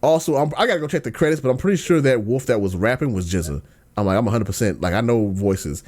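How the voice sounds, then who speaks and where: A man hosting a podcast in casual chat, slangy and ranting, dropping to low mumbles and then bursting into excited outbursts. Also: fast talker. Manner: slangy, lots of fillers and restarts. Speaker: podcast host.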